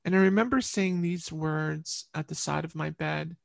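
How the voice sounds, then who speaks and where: Woman guest, earnest storytelling, repeats herself, gravelly voice, dry close sound. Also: deep voice, moderate pace, no room sound. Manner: earnest, repeats words while recalling. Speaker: interview guest. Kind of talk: personal storytelling in conversation.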